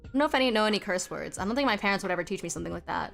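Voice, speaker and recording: A woman streamer chats casually with her viewers while she draws. She answers the chat aloud and laughs often, in a voice of middling pitch for a woman. Faint music plays quietly behind her. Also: expressive, very fast, gravelly.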